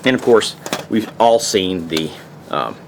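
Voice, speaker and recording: A man's voice: low-pitched, big pitch swings, slow, creaky, a little hiss or hum. A man casually demonstrating camping gear, rambling in profane, folksy slang. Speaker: outdoor gear reviewer.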